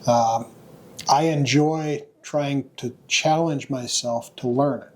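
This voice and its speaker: A man's voice: mid-range voice, fairly even intonation, slow. A man who is a guest on a podcast, chatting casually and hesitantly, often restarting his sentences. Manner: hesitant, with many fillers and restarts. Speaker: podcast guest, new Mason. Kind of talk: casual chat.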